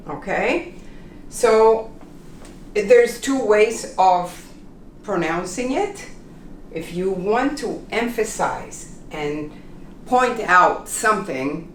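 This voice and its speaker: A woman teaching pronunciation, repeating example phrases slowly and checking in with "okay?". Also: medium pitch, lively intonation, roomy sound, recorded from a distance, a little hiss or hum. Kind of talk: slow, deliberate classroom instruction.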